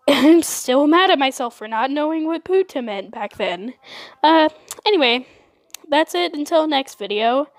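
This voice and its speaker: A young woman telling a storytime vlog in a giggly, excitable way. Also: sits high, unhurried, no room sound. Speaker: vlogger.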